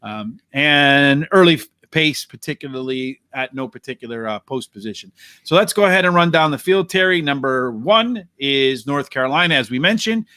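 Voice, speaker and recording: A man hosting a horse racing preview, walking through post positions, pace and jockeys in a brisk, analytical way. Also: mid-range voice, expressive, pushed and bright, no room sound, clean studio sound. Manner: brisk, analytical, addresses co-host by name. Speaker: racing handicapper host.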